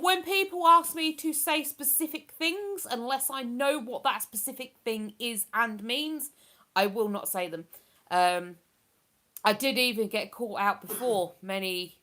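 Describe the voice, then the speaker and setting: A woman's voice: on the high side, pushed and bright. Chatty woman hosting a live stream. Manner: chatty, rambling, with many fillers. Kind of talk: casual live-stream chat, reading viewer comments.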